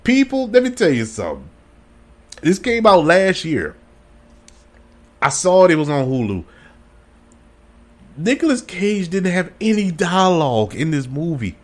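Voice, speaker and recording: Podcast host, man, lively pitch, chatty and rambling, laughs a lot. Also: a little slow, pauses often. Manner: enthusiastic, laughs often, rambling. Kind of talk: casual solo podcast chat.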